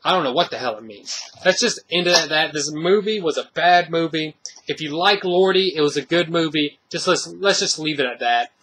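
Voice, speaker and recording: A man's voice: a little high, moderate pace, a bit bright. A man giving a casual, rambling spoken movie review, full of fillers and restarts.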